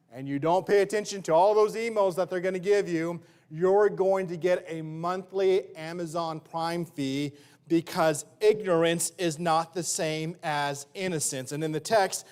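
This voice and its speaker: A man's voice: sits high, darkish tone, clear, resonant tone. A male pastor preaching a sermon in church, conversational and full of everyday examples.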